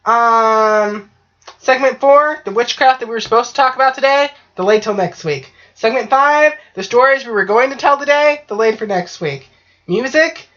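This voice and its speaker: A podcast co-host with a slightly bright, higher-pitched voice talks at a moderate pace in a casual, joking conversation. She swears plenty and keeps saying "right?", all captured in dull lo-fi audio.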